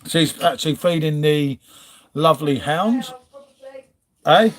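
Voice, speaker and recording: A man's voice: fairly high pitch, expressive, slow pace. A middle-aged man, hosting a live stream in casual chat and greeting viewers by name. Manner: chatty, reads viewer names, trails off and restarts.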